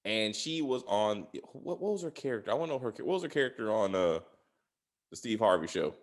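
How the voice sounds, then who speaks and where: A man's voice: fairly low pitch, lively intonation, fairly quick. A man hosting a casual spoiler review of a TV series, ranting with exasperated, profane commentary. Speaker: podcast host reviewing a TV series.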